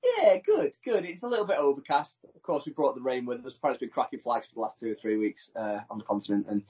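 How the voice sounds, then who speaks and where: A podcast co-host with a medium-pitched, breathy-edged voice talks quickly with big pitch swings, and the recording's highs are cut off. Over a remote line from a holiday home in France, he rambles casually through holiday stories from abroad with chatty, self-deprecating banter.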